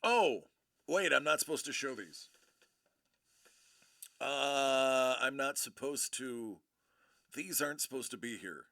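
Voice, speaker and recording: A man's voice: mid-range voice, lively intonation, slow pace, pauses often, bright, forceful tone. A man hosting a casual live stream, greeting viewers by name and rambling in a laid-back way. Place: California home studio.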